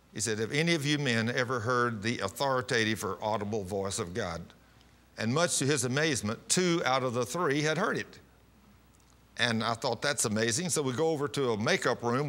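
Male pastor, bright voice, folksy rambling sermon, television studio. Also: mid-range voice. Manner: folksy storytelling, frequent restarts and "uh".

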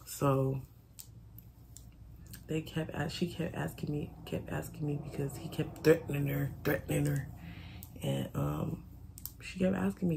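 Woman, casual storytime vlog, very gravelly fry, candid and profane, faint background hiss. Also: low voice, fairly even intonation, unhurried, pauses often, mellow. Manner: candid, swearing, repeats herself, quotes friends dramatically.

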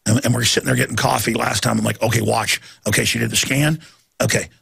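Gravelly ranting male talk host. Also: medium pitch, fairly even intonation, quick pace, fairly bright tone. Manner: ranting, emphatic, jumps between stories. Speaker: radio talk show host. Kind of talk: heated monologue.

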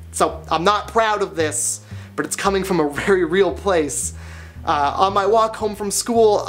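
Deadpan young man confessing mischief. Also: sits high. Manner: deadpan, self-mocking storytelling. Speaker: vlogger. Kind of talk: comedic confessional monologue.

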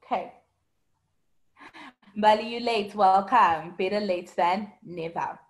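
A woman's voice: mid-range voice, slow pace. Patient woman teaching an online class. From South Africa. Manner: patient, explaining, answers students by name. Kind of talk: online lesson reading student comments.

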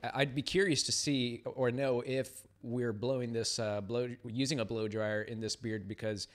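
Man, podcast co-host; laid-back, slangy, "uh"-heavy advice; mid-pitched voice. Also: little pitch movement, normal speed. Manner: laid-back, slangy, many 'uh's, laughs at own slips. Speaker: podcast co-host, beard stylist. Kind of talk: live-stream podcast chat.

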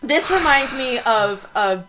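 Female co-host, higher pitch, very bright tone, teasing and playful. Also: animated, slow pace. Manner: playful, teasing, bursts into loud laughing shouts. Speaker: podcast co-host. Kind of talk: casual comedic podcast chat.

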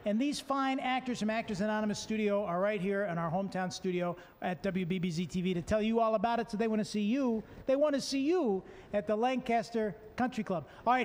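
A man hosting a game show with a jokey, energetic delivery and frequent sponsor plugs. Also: sits high, big-room sound.

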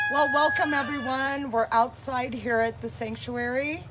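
A woman who co-founded an animal sanctuary speaks earnestly and with deep gratitude, then talks outdoors at the sanctuary. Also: steady tone, a little slow, hardly any pauses, heavy background noise. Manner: emotional, grateful, earnest. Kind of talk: heartfelt address, then outdoor tour.

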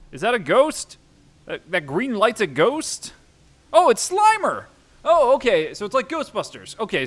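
A man's voice: high voice, fairly bright tone. A young man giving let's-play commentary on a horror game, jumpy and self-mocking, swearing often. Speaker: gameplay streamer.

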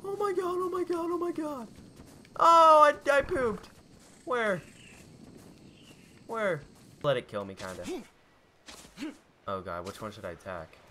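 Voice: mid-range voice, very animated, takes it slowly, long pauses, bright, forceful tone, a little hiss or hum. A let's play gamer giving live gameplay commentary, panicky and shrieking, swearing constantly.

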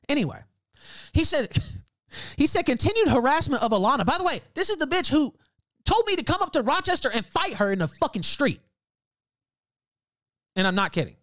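A man with a high voice rants on a livestream. His pitch leaps around animatedly, and he swears freely and laughs between heated complaints. The sound is close and dry. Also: fairly bright tone, dry recording. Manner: profane, heated ranting with frequent laughs. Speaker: livestream host. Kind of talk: ranting casual talk.

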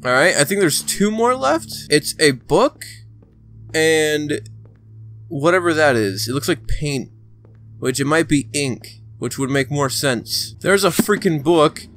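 A man giving casual let's play commentary, excitable and talking to the game character, sometimes breaking into shouts. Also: fairly high pitch, a little slow, soft background music. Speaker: gaming channel host.

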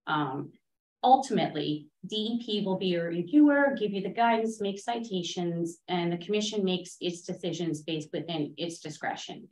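A woman consultant speaking at a town board meeting, measured and technical, hedging her points. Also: fairly low pitch, a little mellow. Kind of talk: public meeting discussion. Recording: echoey meeting room.

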